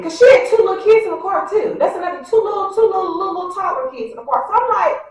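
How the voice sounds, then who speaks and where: A woman vlogger with a high voice tells her story straight to the viewers, animated and acting out the other people's words. She sits back from the mic in a very echoey room. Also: quick pace. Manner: animated, acts out what people said; talks straight to the audience, addressing them directly. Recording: very echoey, a bit far from the mic.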